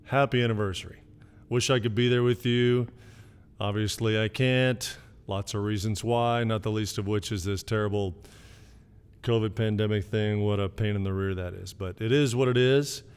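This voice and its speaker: Low, smooth-voiced man telling family stories. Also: fairly even intonation, moderate pace, long reverb tail. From Canada. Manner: rambling storytelling with many fillers. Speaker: son giving an anniversary message. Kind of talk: casual recorded video greeting.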